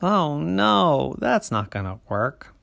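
Storybook big sister, bossy and boastful, read by a man, swooping pitch, slightly gravelly. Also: big pitch swings, a bit bright, exaggerated voice. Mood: eager. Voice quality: boastful, drawn-out emphasis.

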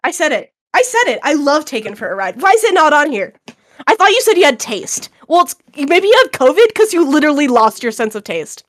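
High-voiced young woman ranting animatedly. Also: a little fast, no echo, clean studio sound. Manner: animated, exaggerated ranting with frequent "literally". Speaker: podcast co-host. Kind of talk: casual chat.

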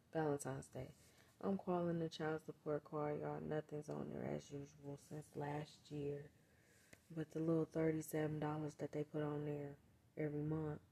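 Gravelly low-voiced woman vlogger. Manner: talks straight to viewers, with frequent cursing; swings from muttered asides to loud, heated outbursts. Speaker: vlogger and mother. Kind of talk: casual storytime vlog.

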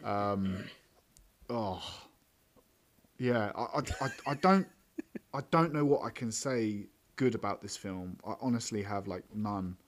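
A man's voice: fairly low pitch, unhurried. A man hosting a podcast, reviewing a film in a blunt, sweary, scathing way and laughing often as his co-hosts interrupt. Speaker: podcast host. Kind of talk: casual film review chat.

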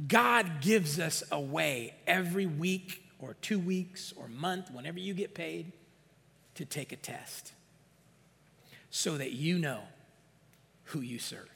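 A man's voice: high-pitched, vocal fry, pushed and bright, breathy edge. A middle-aged man preaching a sermon as pastor, emphatic, calling for amens and acting out the excuses of doubters. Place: church sanctuary. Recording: long hall reverb.

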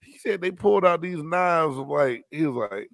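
A man's voice: fairly high pitch, expressive, normal speed, gravelly, no echo, studio quality. A man from Texas co-hosting a podcast in casual chat, retelling stories in a laid-back way and laughing along. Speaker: podcast co-host.

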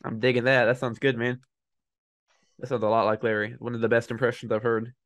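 Quick gravelly young man hosting a podcast. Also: mid-range voice, no echo. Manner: relaxed, enthusiastic, chatty. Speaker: podcast host. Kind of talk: casual chat.

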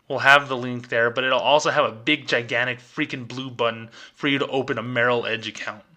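A man's voice: mid-range voice, steady tone, brisk, few pauses, bright, forceful tone. A middle-aged man ranting sarcastically on a podcast, mocking corporate phrasing with exasperation. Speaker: podcast host, former bank employee. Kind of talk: ranting commentary.

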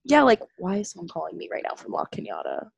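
A woman's voice: on the low side, wildly swooping pitch, quick pace, creaky, husky, dry recording. A woman co-hosting a podcast in casual chat, talking candidly, swearing and laughing often. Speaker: podcast co-host. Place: home, lived in Los Angeles.

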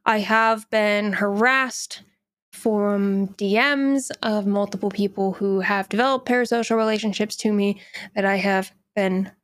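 A woman's voice: mid-range voice, fairly even intonation, measured pace, no echo, clean studio sound. A young woman hosting a solo podcast, speaking candidly and bluntly, and heated when she scolds. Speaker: podcast host.

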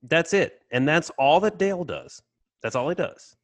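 A man's voice: a little high, expressive, normal speed, dry recording. A man co-hosting a casual chat over a video call, joking and telling stories with animation. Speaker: podcast co-host.

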